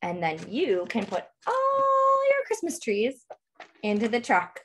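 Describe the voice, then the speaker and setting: A woman reading a picture book aloud to toddlers, animated and sing-song, gasping with excitement and asking the children questions. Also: on the high side, takes it slowly, husky, dull audio. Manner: asks the children questions throughout. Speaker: toddler book club reader.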